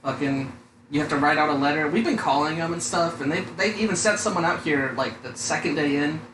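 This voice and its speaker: Here a slightly high-voiced young man speaks fairly quickly as a podcast co-host. His chat is loose and profane, full of rambling, cursing, and frequent "dude"s, recorded in an echoey room with a little background noise.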